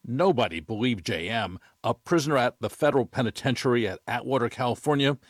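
A man reporting as an investigations correspondent, reading a scripted news report in a measured, even way. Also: mid-range voice, dry recording. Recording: dry studio voice.

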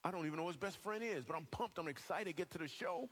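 A man's voice: a little high, very fast, a bit bright. A man from Michigan, a comedian, telling a funny personal testimony to a church audience and acting out other people's voices. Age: adult. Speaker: comedian and guest speaker. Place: church hall with a live audience.

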